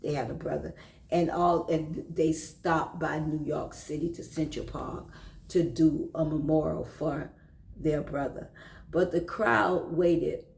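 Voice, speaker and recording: Emotional woman telling a faith story, gravelly tone. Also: low voice, slow pace, darkish tone, roomy sound, rough recording. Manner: emotional, repeats herself, drops into whispers. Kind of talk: devotional storytelling.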